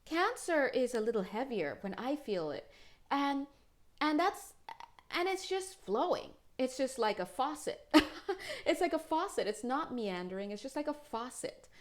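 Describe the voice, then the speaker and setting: A woman's voice: sits high, very animated, a little slow. A woman doing a casual spiritual tarot reading to camera, chatty and rambling, laughing often and breaking off mid-thought. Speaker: tarot reader.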